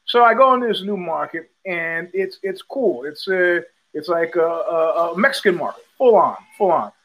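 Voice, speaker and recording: Older guy hosting a podcast, fairly high voice, rambles, says uh a lot, acts out the people in his stories. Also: normal speed, poor audio. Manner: rambling, many restarts and fillers, animated quoting. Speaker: podcast host. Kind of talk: casual storytelling monologue.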